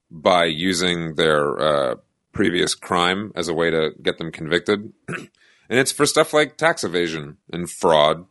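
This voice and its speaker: A man's voice: low-pitched, a bit bright, no echo, studio quality. A man co-hosting a podcast, chatting loosely about political news and joking and laughing along. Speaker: podcast co-host. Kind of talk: casual political chat.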